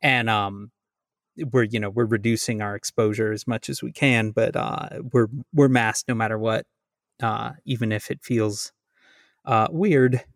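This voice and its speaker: A man's voice: on the low side, fairly even intonation, unhurried, no room sound, studio quality. Wry man co-hosting a chatty podcast. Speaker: podcast co-host. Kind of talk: casual chat.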